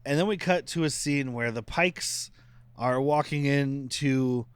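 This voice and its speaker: A man's voice: medium pitch, unhurried, clear, resonant tone, no echo. A man co-hosting a casual podcast, recapping scenes loosely and laughing often. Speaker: podcast co-host.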